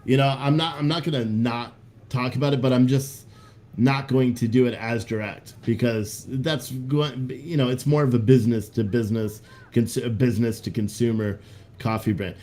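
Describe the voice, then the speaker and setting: A man's voice: mid-range voice, fairly even intonation, moderate pace, a little mellow. Blunt rambling man hosting a livestream. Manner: rambling, blunt, profane, with restarts. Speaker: livestream host. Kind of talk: casual livestream commentary reading chat.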